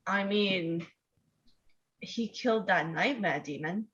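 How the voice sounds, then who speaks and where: A woman's voice: medium pitch, takes it slowly, a bit bright. A woman running a tabletop game as game master, casual and often laughing, heard through a dull, lo-fi recording. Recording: dull lo-fi sound.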